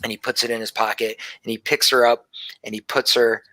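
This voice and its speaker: Man game master narrating a tabletop game; bright, rambling, dry. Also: mid-range voice, little pitch movement, brisk, no room sound. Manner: rambling, many fillers and restarts.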